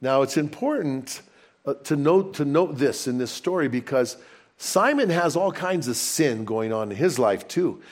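A man preaching a sermon in a conversational, storytelling way with animated asides. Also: mid-range voice, measured pace. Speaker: pastor.

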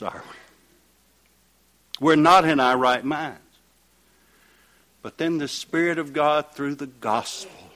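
In a mid-range voice, a man preaches, reading scripture aloud in King James wording and posing rhetorical questions. He climbs to loud, emphatic peaks, then falls back into quiet asides.

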